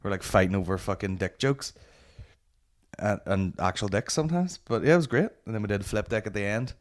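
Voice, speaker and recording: A man's voice: on the low side, brisk. A man, hosting a comedy podcast in sweary, ranting banter. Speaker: podcast host. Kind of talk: casual chat.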